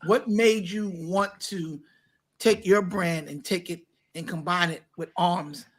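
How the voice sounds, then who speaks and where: A man who is a pastor, hosting a casual talk show and warmly bringing guests to the stage. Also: high-pitched, slow. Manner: lively, hypes up guests. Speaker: pastor and host.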